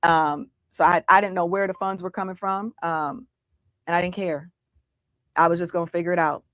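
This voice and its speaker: A middle-aged woman speaks as a guest in an interview, recounting her journey with vivid, dramatic retellings and frequent false starts. Her voice sits somewhat low for a woman and sounds close and dry, with no room around it. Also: moderate pace, dry recording. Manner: animated, dramatic retelling with many restarts. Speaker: guest entrepreneur. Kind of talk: candid interview storytelling.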